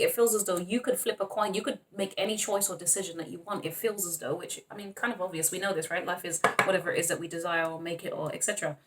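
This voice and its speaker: A woman doing a casual tarot reading, excitable, laughing often and calling her viewers honey and darling. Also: lowish voice. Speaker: tarot reader.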